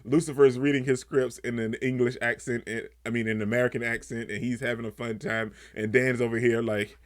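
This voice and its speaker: A young man talks through a TV episode in a relaxed, slangy way. His voice sits at an ordinary pitch, and he perks up when he replays the funny moments. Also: brisk, few pauses. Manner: loose conversational slang, animated when retelling scenes. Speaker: TV show reviewer. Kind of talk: casual video review.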